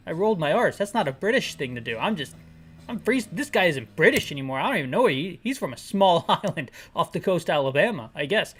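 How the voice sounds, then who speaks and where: Woman in a lowish register, sarcastic game commentator with bouncy, swooping intonation. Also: very animated, fast talker. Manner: sarcastic, rambling, self-correcting jokes. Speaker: game retrospective narrator and describer. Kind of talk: comedic game commentary with descriptive audio.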